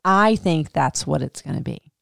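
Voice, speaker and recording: A woman podcast host giving a casual, animated recap rant about a reality show. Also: sits low, moderate pace, gravelly, dry recording, studio quality. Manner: animated, indignant, swearing.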